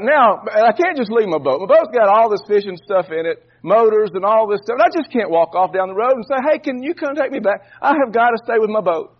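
A man's voice: sits high, lo-fi sound. A man preaching a sermon, telling a folksy story and often repeating and restarting words.

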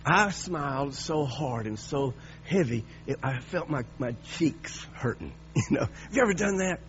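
A man in his sixties preaching, telling a personal story with lively, halting restarts. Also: mid-range voice, highs cut off, slight background noise. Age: 60s. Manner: animated storytelling with repeated restarts.

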